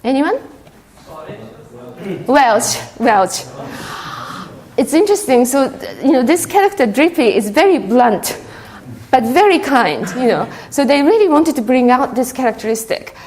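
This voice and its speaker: A woman giving a keynote talk in a conference hall, halting often with fillers. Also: sits high, very animated, a little mellow. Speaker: keynote speaker.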